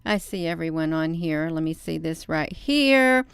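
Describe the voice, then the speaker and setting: A woman's voice: low-pitched, animated, a little slow, gravelly, few pauses, clean tone, no echo. A woman hosting a casual livestream, chatting with viewers and commenting on a news article she reads aloud, laughing often and calling her audience "you all," recorded on a phone. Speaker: livestream host.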